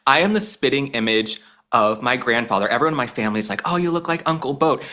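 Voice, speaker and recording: A young man, a reporter guest, chatting excitably and acting out quotes. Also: fast talker. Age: young adult. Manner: excitable, acts out quotes in high voices. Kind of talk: casual chat.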